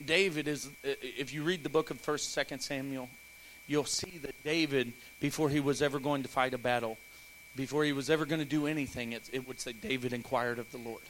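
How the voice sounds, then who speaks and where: A man preaching a sermon in church, animated, acting out voices and breaking into playful asides. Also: medium pitch, fairly quick, slight background noise, low-quality recording. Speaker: pastor.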